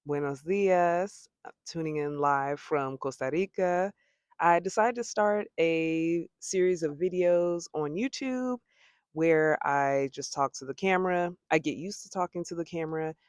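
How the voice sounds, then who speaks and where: A young American woman talking casually to the camera in a vlog, chatty, with laughing asides and lively quoting of her own thoughts. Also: low voice, dry recording, studio quality. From United States. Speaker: vlogger. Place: home abroad.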